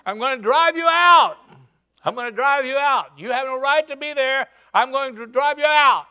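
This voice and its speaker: A man's voice: very high voice, normal speed, sharp tone, smooth, voice pushed up, full character voice. A man preaching, voicing a fierce young shepherd boy who hollers challenges at his enemies. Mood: defiant shouting.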